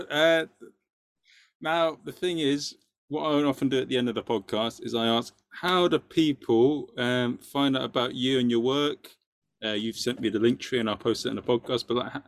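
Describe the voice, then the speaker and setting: A man's voice: medium pitch, fairly bright tone, no room sound. A man from London with a London accent, hosting a podcast in a jokey way with frequent laughs. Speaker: podcast host. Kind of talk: casual chat.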